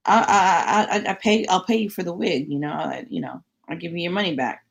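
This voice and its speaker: A woman's voice: fairly low pitch, animated, fairly quick, vocal fry, husky, full character voice. Defensive adult hairdresser, stammers and hedges, as a woman quotes her. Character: defensive female hair stylist, adult.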